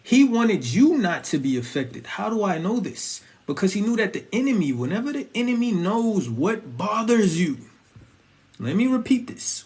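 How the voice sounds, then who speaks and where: His voice sits high and his pace is measured. This young Christian vlogger gives a casual, slangy sermon about faith and relationships, animated and conversational, returning again and again to "you feel me?"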